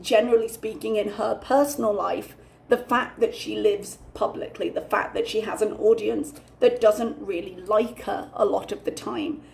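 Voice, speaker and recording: A woman's voice: mid-range voice, vocal fry, darkish tone. A young woman hosting a reaction channel, ranting candidly and swearing freely as she comments.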